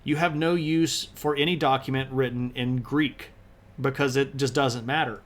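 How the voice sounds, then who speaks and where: A man's voice: mid-range voice, steady tone, moderate pace. A man streaming a live history lecture, talking in a casual, enthusiastic way with plenty of slang.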